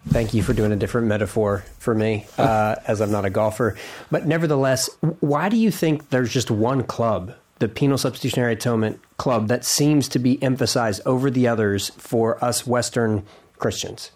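A man's voice: mid-range voice, normal speed, darkish tone. A man hosting a podcast who asks questions casually, with self-deprecating asides and hesitant restarts. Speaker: podcast host.

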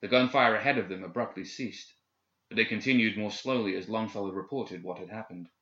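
Low-voiced man narrating a story. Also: brisk, pushed and bright. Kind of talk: audiobook narration. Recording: echoey, slightly dull recording.

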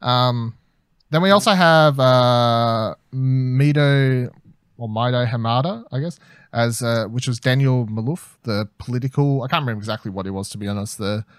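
A man's voice: mid-range voice, moderate pace, clean tone, dry recording, studio quality. A young Australian man co-hosting a casual TV review chat, rambling and hesitant, with casual swearing. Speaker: podcast co-host.

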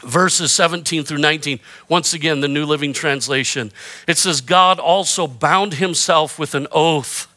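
A man's voice: fairly high pitch, moderate pace, pushed and bright. A middle-aged man preaching a sermon as pastor, emphatic, calling for amens, mixing self-deprecating humor with repeated rallying phrases. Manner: emphatic preaching with call-and-response prompts.

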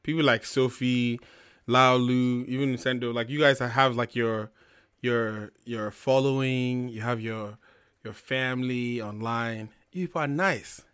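A man's voice: medium pitch, measured pace, clear, resonant tone, dry recording, clean studio sound. A young man hosting a talk show, ranting bluntly and profanely in casual chat. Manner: blunt, profane, animated storytelling. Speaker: podcast host. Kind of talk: heated casual rant.

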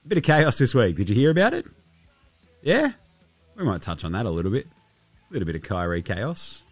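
An Australian man hosts his podcast from a studio, his voice nasally because he is under the weather. He rambles along in a jokey, self-mocking way, and his pitch swings widely from line to line. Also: fairly bright tone, no room sound. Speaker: podcast host. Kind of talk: casual chat.

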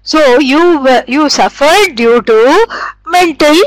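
Animated high-voiced woman teaching. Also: takes it slowly, poor audio. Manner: conversational, animated, acts out imagined dialogue. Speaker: Vedanta teacher. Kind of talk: scripture class lecture.

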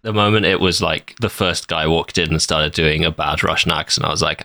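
Deep bright-toned wry man. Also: fairly even intonation, brisk, vocal fry, dry recording, studio quality. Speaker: podcast co-host. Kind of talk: casual chat recapping a film.

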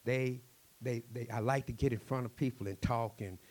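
In an interview, a storyteller with a Cajun accent and a mid-range voice speaks rapidly and animatedly, returning to the same words again and again.

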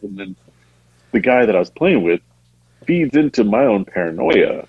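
A man in his thirties rambles through a story, chuckling along the way. His voice is low and husky, and it swings widely in pitch. The sound is dry and close to the mic. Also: sing-song, moderate pace, pauses often, no room sound, highs cut off. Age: 30s. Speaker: podcast guest. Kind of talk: casual storytelling.

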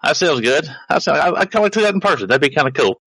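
Man, fast talker, bright voice, jokey player, dry sound. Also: fairly high pitch, husky, no room sound, poor audio. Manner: quick, jokey, excitable. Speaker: tabletop player. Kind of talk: casual game talk, in character.

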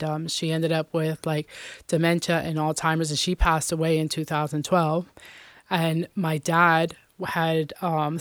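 Middle-aged woman, interview guest, earnest testimony, lowish voice, dry. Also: no room sound. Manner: earnest, many fillers like "you know" and "um".

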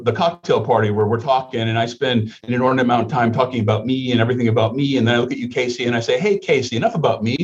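A man's voice: mid-range voice, muffled recording. A man answering interview questions about healthcare in an emphatic, rhetorical manner, repeating his points. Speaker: healthcare leader guest.

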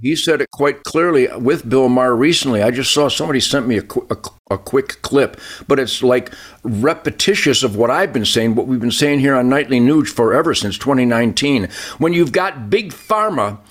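A man's voice: mid-range voice, lively intonation, normal speed. An older man commentating on a political talk show, fiery and emphatic, piling up repeated lists. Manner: fiery, emphatic, repetitive listing.

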